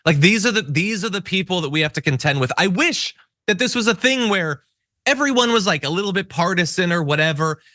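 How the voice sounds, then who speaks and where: A male host giving indignant political commentary, hammering his points with emphatic stresses and tripping over his own restarts. His voice is bright and forceful. It is recorded dry and close. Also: high voice, animated, fairly quick, no echo.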